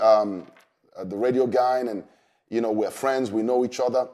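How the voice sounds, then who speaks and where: Mellow-voiced pastor telling a story. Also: male voice, medium pitch, steady tone. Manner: earnest, unhurried with many fillers. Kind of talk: storytelling testimony.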